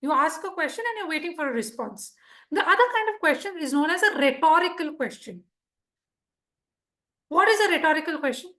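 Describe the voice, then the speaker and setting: Female speaking coach, high and animated, audience quizzing. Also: brisk. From India. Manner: lively, quizzes the audience, acts out examples. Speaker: public speaking trainer. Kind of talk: interactive workshop lesson. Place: club meeting room.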